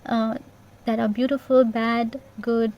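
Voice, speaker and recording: A woman giving an intuitive tarot reading in a gentle, reassuring way, repeating herself and checking in with "yeah?". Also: on the high side, level tone, slow, highs cut off. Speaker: tarot reader.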